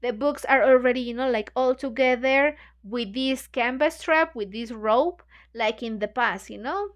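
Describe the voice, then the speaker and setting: A woman's voice: a little high, a little slow. A woman hosting a book club. She reads a novel chapter aloud and retells it in chatty English, full of "you know, like" fillers. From Mexico.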